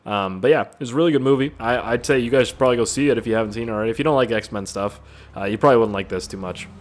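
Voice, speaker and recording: Talking very fast in a medium-pitched voice, this young man is a gaming YouTuber giving casual commentary as he plays. He rambles, swears, and bounces from anecdotes to the on-screen action.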